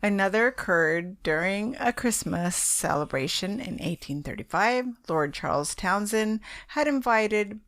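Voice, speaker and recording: A woman's voice: medium pitch, lively intonation, a little slow, hardly any pauses, a bit bright. A tipsy woman co-hosting a podcast, reading a ghost story aloud between giggly tangents. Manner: giggly, reads aloud then drifts off topic. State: tipsy from drinks. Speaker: podcast co-host.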